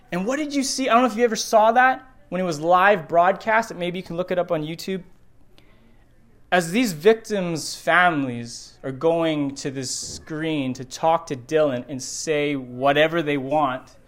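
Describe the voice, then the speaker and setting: A man's voice: a little high, animated, measured pace. A middle-aged man preaching a sermon in a church, earnest and repeating phrases for emphasis. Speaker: pastor. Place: church sanctuary.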